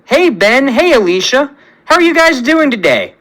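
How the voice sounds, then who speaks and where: A man's voice: very high voice, sing-song, normal speed, a bit bright, pitched above the performer's own voice, heavily acted. A man reading as eager young Johnny. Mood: friendly. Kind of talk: reading a fan story aloud.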